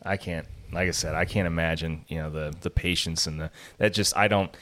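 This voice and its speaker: Deep-voiced man hosting a rambling interview. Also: steady tone, brisk, fairly bright tone. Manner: rambling, heavy fillers like "you know" and "um". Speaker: podcast host. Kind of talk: casual interview.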